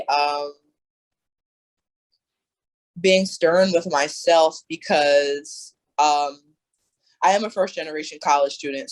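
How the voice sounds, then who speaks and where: A woman's voice: low-pitched, poor audio. A young woman talking candidly as a coaching client, earnest and emphatic, with many fillers and restarts. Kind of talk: candid conversation.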